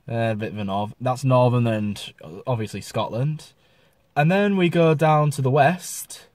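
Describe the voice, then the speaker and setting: A man's voice: mid-range voice, a little slow, a little mellow, no echo. A man with a mix of Yorkshire and Southern English accents, chatting casually in a vlog and stumbling over his words. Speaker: vlogger.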